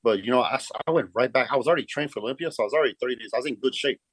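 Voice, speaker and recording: A man's voice: medium pitch, rapid-fire, husky, no room sound. A middle-aged man, telling a story in a casual, profane way and saying "man" a lot. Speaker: guest, pro bodybuilder.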